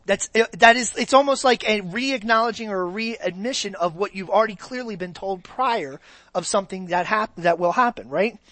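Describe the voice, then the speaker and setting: A woman's voice: medium pitch, normal speed, fairly bright tone, dry recording. A woman preaching a sermon in a conversational way, often checking in with the congregation. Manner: conversational, keeps checking in with the audience.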